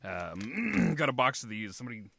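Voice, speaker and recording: Bright, lively-voiced man chatting. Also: medium pitch, normal speed, gravelly, husky. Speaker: podcast co-host. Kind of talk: casual chat.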